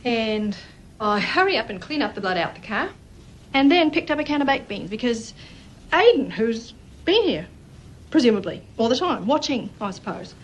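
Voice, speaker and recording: A woman's voice: fairly high pitch, very animated, moderate pace, rough recording. A sarcastic accused mother. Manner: sarcastic, incredulous. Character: indignant mother accused in court. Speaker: film character. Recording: film clip with faint noise.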